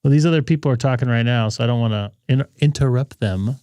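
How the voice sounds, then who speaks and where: A man's voice: medium pitch, quick pace, dark tone, dry recording, studio quality. A man hosting a ham radio live stream, chatting casually and rambling in asides to his viewers.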